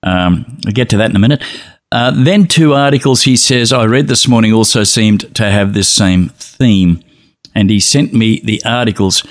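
A man's voice: fairly low pitch, moderate pace, dry recording, clean studio sound. A man hosting a casual chat, a chatty storyteller who laughs easily. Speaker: host.

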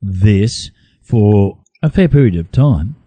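A man's voice: on the low side, expressive, takes it slowly, mellow, slightly rough, no echo. A man hosting a talk show, asking probing questions and laughing easily. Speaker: host. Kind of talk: casual interview.

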